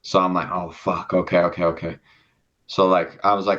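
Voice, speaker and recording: A man's voice: low-pitched, little pitch movement, normal speed, fairly bright tone. A young man on a podcast telling a rambling story in casual chat, swearing often and acting out the people in it. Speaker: podcast co-host. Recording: dull lo-fi sound.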